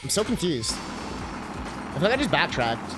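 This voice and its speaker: A man's voice: on the high side, sing-song, a little slow. A male livestreamer chatting casually while playing a game, rambling with lots of fillers and swearing freely. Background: game music.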